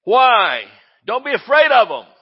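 A male pastor preaching a sermon in an animated, exclamatory way, often laughing as he speaks. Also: extremely high pitch, unhurried, slightly rough, muffled recording.

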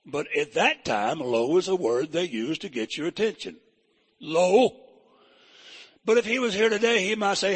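A man preaching a sermon in a folksy, plain-spoken way, reading scripture slowly and rising to emphatic peaks. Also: high voice, animated, slightly rough. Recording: long reverb of a hall.

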